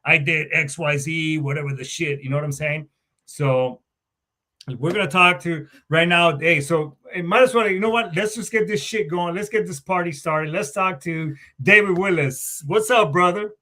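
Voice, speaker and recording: A man's voice: on the high side, normal speed, pushed and bright. A man who is a Marine veteran, hosting a podcast in a loose, rambling, joking way with plenty of swearing. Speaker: podcast host. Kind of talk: casual podcast chat.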